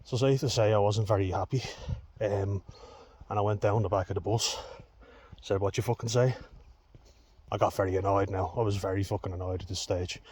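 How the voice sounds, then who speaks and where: A man's voice: fairly low pitch, steady tone, fairly quick, darkish tone, slightly rough, dry recording. Blunt, swearing man. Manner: blunt, heavy swearing, raw and frank. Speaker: vlogger. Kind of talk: candid storytelling to camera.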